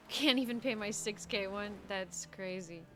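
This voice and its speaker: A woman's voice: mid-range voice, takes it slowly, bright, forceful tone, slight background noise. A young woman streaming a roleplay game, chatting casually, giggling often and muttering to herself. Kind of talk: casual gaming chat and in-character roleplay. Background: faint music.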